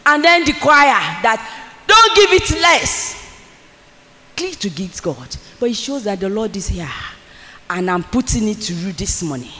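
A preacher delivering a sermon in a church hall, firing repeated questions at the congregation and swinging from low asides to shouted calls. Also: slight background noise. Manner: repetitive, rhetorical questions to the congregation. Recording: long hall reverb, faint ambience.

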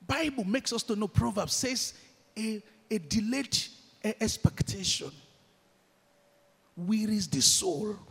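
A man with a Nigerian accent preaching a sermon and telling a story, swinging from shouted declarations to hushed storytelling. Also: sits high, takes it slowly, vocal fry, long pauses, breathy edge. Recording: long hall reverb.

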